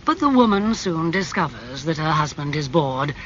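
A man voicing a worldly, cynical older gentleman who speaks slowly and soothingly. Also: fairly high pitch, animated, muffled recording, slight background noise. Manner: slow, smooth and soothing.

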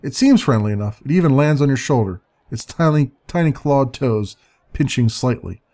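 A man's voice: mid-range voice, animated, normal speed, a little mellow. A man reading a text adventure aloud and musing over his choices, hesitant and chuckling now and then. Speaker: let's play narrator.

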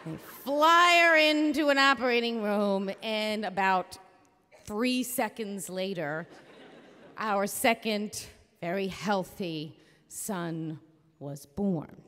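A woman hosting a live storytelling show and telling a story on stage into a microphone, in an animated, comic, blunt and profane way. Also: mid-range voice, slow pace, slight background noise. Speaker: storyteller and host. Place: theater stage before a live audience. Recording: reverberant live theater hall.

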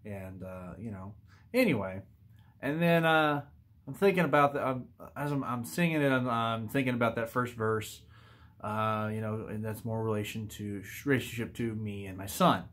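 A man in his thirties speaks to his viewers in a fairly low voice. He talks in a heartfelt, unpolished way, stopping and restarting often and leaning on fillers as he goes. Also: a bit bright. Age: 30s. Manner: halting, earnest, many fillers and restarts. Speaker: YouTuber. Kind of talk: casual heartfelt vlog talk.

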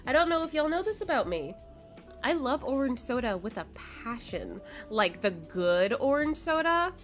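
A woman's voice: high voice, big pitch swings, normal speed, faint music behind. A young adult woman streaming a game, chatting casually with her chat, reading and answering messages, swearing and laughing. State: sleepy, yawning.

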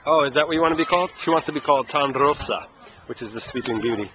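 A man's voice: a little high, quick pace, lo-fi sound. A man teaching a casual language lesson outdoors at a playground, asking patient, coaxing questions. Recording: noisy outdoor camera audio.

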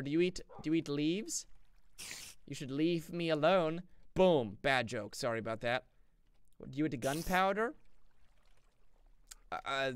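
A man's voice: high-pitched, smooth, dry recording. A young man giving playful, goofy live commentary while streaming a game and chatting with viewers. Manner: playful, goofy, jokes with chat; excitable, shifting energy. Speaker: gaming streamer.

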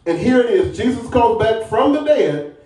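Pastor, male, high voice, emphatic preacher; distant mic, very echoey church hall. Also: very animated, normal speed, mellow. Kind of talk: sermon. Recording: very echoey room, far from mic.

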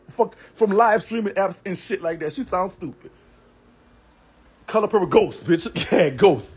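Speaking a little slowly, a man whose voice sits high, with a darkish tone and breathy edge, rants animatedly on a livestream. He's brash and profane, trash-talking with a Southern US accent and laughing a lot.

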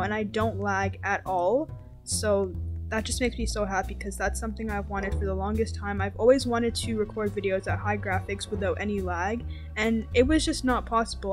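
A woman giving casual, very talkative gameplay commentary, turning excitable and repeating words when the game gets tense. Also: medium pitch. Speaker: gaming video host. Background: game background music.

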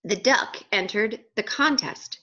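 A woman's voice: mid-range voice, takes it slowly, bright, forceful tone. Children's book reader, woman, playful asides to kids; muffled recording. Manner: playful, questions to young listeners. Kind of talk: reading a picture book aloud with asides to children.

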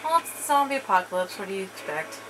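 A woman gives casual let's-play commentary on a co-op zombie game with a partner, chatty and teasing, then bursting into panicked screams. Her mid-range voice swings widely in pitch and moves fast, with loud background noise throughout.

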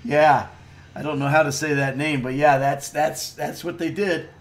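A man's voice: a little high, steady tone, moderate pace. Laid-back chatty man streaming a game. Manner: laid-back, chatty, laughs and swears freely. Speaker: actor streaming a game playthrough. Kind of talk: casual live-stream chat, reading viewer comments.

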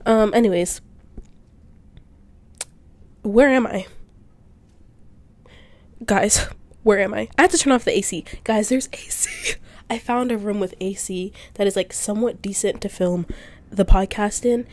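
A woman's voice: medium pitch, unhurried, long pauses, a little mellow, no room sound. A young woman hosting a casual solo podcast while sick and congested, rambling with lots of fillers and self-deprecating asides in a small indoor room. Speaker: podcast host.

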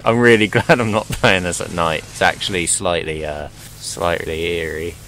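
A man's voice: low-pitched, steady tone, normal speed, fairly bright tone, a little hiss or hum, rough recording. A young man commenting casually on a horror game as he plays, joking, swearing and yelping at scares. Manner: joking, swearing, jumpy exclamations. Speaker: gameplay commentator.

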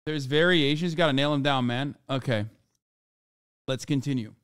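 Profane streamer reacting in disbelief. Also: male voice, medium pitch, moderate pace, a bit bright, clear, resonant tone, no room sound, clean studio sound. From United States. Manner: profane, incredulous, joking asides. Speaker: streamer and political commentator. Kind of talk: live stream reaction commentary.

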